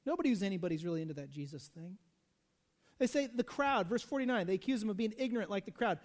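A man preaching a sermon in a conversational, animated way, full of asides and rhetorical questions. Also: sits high, fast, long reverb tail. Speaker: pastor.

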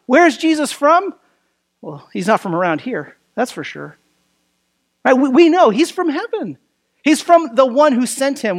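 A man with a high voice preaches a sermon in a conversational way. He leans on fillers like "you know" and "right", and poses rhetorical questions as he walks through the text. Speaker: pastor. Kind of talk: expository sermon.

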